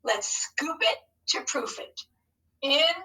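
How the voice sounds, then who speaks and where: Slow bright-voiced woman teacher. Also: sits high, lively intonation, distant mic, slight background noise, low-quality recording. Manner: slow, encouraging, modelling each syllable. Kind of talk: phonics lesson video.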